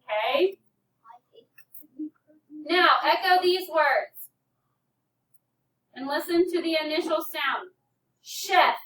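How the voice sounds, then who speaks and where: A woman's voice: high voice, expressive, takes it slowly, pauses often, fairly bright tone. A woman teaching a phonics lesson to a class, patiently prompting students and calling on them by name. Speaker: elementary school teacher. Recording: echoey classroom from far off.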